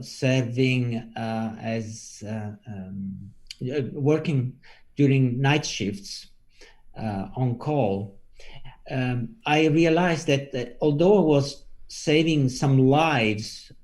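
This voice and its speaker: A man with an Italian accent, a physician and researcher answering interview questions, slow and deliberate, searching for words. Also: medium pitch, darkish tone. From Italy.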